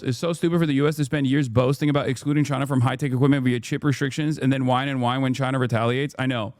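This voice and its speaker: A man's voice: medium pitch, steady tone, fast, no room sound, clean studio sound. A man giving casual live-stream commentary, ranting sarcastically and swearing as he reacts to the news. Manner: ranting, sarcastic, profane, repeats phrases.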